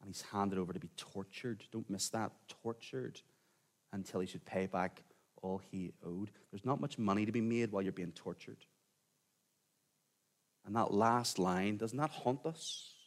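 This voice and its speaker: A man preaching a sermon in a conversational way, sometimes dropping to a quiet, intense tone. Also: fairly low pitch, moderate pace. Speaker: pastor.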